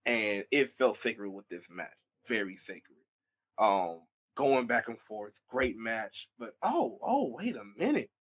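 A young man hosting a casual wrestling recap, excitable and animated, often repeating his words. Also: fairly low pitch, slow pace, breathy edge.

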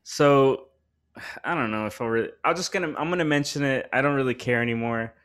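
A man's voice: medium pitch, a little fast, fairly bright tone, clear, resonant tone. A man hosting a podcast, telling a story in a rambling casual chat full of slang and swearing, his voice rising when he gets worked up. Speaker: podcast host.

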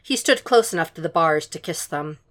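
Low-voiced woman reading a story. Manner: calm, measured reading. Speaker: podfic reader. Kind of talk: audiobook narration of fan fiction.

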